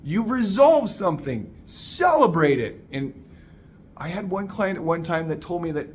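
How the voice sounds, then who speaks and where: Male life coach, high-ish voice, punchy motivational delivery, faint background noise. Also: unhurried. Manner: energetic, emphatic, addresses listener as "my man". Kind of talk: motivational monologue.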